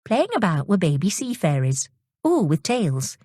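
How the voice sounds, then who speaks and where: A woman reading children's stories aloud in a slow, expressive storytelling manner. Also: fairly low pitch, no echo, studio quality. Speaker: audiobook reader.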